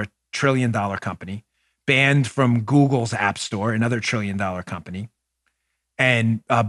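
A man's voice: mid-range voice, a bit bright, dry recording. Sex: man. Role: podcast host, emphatic, dry studio sound. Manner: emphatic, earnest, addresses listeners as folks; talks aside to a partner in the room. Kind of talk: political opinion commentary.

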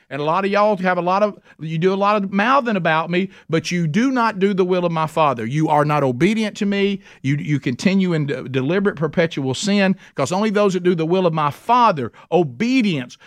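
A man's voice: high-pitched, no room sound. A middle-aged man teaching a men's Bible study in an earnest, emphatic, folksy way. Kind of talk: conversational sermon teaching.

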